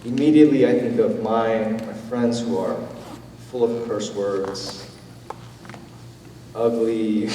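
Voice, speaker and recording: A man preaches in a relaxed, conversational way, his low, warm voice gentle rather than forceful. He sounds set back from the microphone. A long church-hall reverb trails each phrase. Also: unhurried, slight background noise. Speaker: pastor. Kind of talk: sermon. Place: church sanctuary. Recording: roomy church hall, from a distance.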